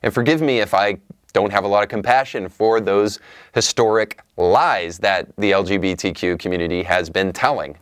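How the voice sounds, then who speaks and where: Emphatic low-voiced male commentator. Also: normal speed, no room sound, studio quality. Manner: emphatic and sarcastic. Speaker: show host. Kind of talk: opinion commentary monologue.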